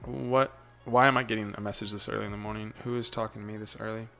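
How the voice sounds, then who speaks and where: A man streaming his stock trading live, talking to himself and chat in a muttered running commentary that repeats phrases and breaks into sudden excited bursts. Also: lowish voice, fast, creaky, faint music behind.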